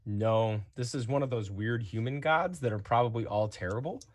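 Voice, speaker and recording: A man narrating as game master in a tabletop game, relaxed and chatty with many fillers. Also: mid-range voice, moderate pace.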